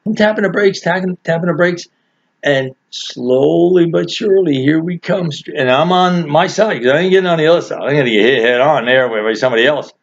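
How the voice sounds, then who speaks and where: A man's voice: fairly high pitch, brisk. An older man telling a rambling, chuckling anecdote in a casual, folksy way. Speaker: storyteller. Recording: dull lo-fi recording.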